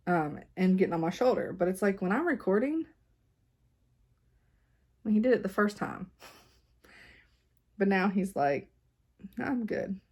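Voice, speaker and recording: A woman's voice: mid-range voice, lively intonation, unhurried, long pauses, a little mellow. A woman, chatting casually as a cross-stitch vlogger at her home craft desk, rambling with lots of fillers and laughs.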